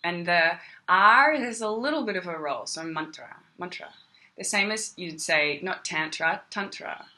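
A woman's voice: lowish voice, lively intonation, normal speed, few pauses, sharp tone. An Australian woman teaching meditation on a casual livestream, chatty and greeting viewers by name. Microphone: phone.

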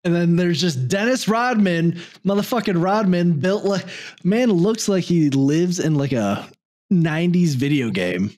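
A man's voice: high-pitched, lively intonation, measured pace, a little mellow. A man co-hosting a casual podcast, joking crudely and breaking into silly voices. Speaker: podcast co-host.

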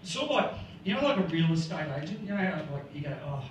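A man's voice: sits high, big pitch swings, quick pace. Laughing Australian man doing stand-up. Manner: rambling, laughs at own jokes. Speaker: stand-up comedian. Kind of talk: stand-up set. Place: comedy club stage. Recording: echoey room, far mic, noisy.

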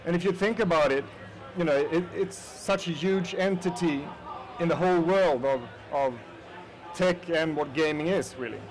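With a slightly high voice at normal speed, a Swedish man with a Swedish accent gives a relaxed conference talk in a hall. He speaks straight to the audience and fills his speech with fillers, and the recording is rough.

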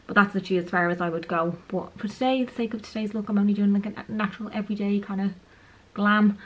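This is a young woman, talking her way through a quick everyday makeup routine. Her chat is casual and rambling, with little asides about how she looks while she works. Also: mid-range voice, fairly even intonation, highs cut off. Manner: chatty, self-aware, talks while applying makeup. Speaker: beauty vlogger.

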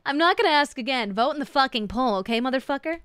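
A woman's voice: sits high, animated, fast talker, fairly bright tone, soft background music. A woman streamer chatting casually with her live chat, playful and teasing, swearing freely. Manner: playful, crude, swears a lot, teases chat.

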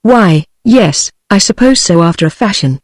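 A woman's text-to-speech voice with a British English accent, reading the lines of an irritated older male family doctor in a dry, sharp manner. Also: mid-range voice, lively intonation, normal speed, no room sound. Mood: curt.

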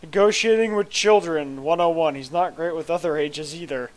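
A man's voice: on the high side, moderate pace. A man casually commenting on a video game, swearing freely, joking and muttering his reactions as he plays. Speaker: let's play host.

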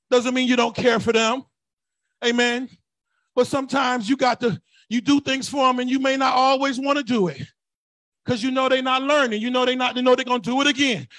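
A male pastor preaching a sermon, shouting in call-and-response style with folksy, colloquial turns and soft sighing asides. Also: extremely high pitch, dry recording.

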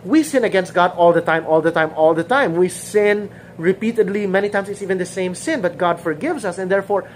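A woman's voice: medium pitch, a little mellow, a little hiss or hum, low-quality recording. A woman teaching a conversational sermon, repeating her points and acting out quoted dialogue. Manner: informal, repeats phrases, acts out quoted dialogue. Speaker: Bible teacher.

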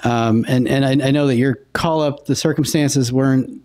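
Mellow-voiced male interview host. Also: medium pitch, normal speed, slight background noise. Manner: relaxed, encouraging, many short acknowledgements. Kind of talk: casual interview.

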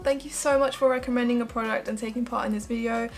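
A woman's voice: on the high side, fairly even intonation, fast, soft background music. A young woman chatting through a makeup tutorial as a beauty vlogger, gushing and emotional. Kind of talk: casual makeup tutorial chat.

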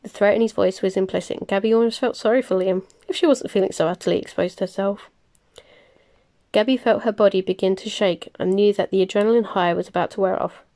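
Gravelly, mellow-voiced woman reading aloud. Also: mid-range voice, fairly even intonation. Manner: plain, unhurried reading with small slips and self-corrections. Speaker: reader. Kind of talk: audiobook-style novel reading.

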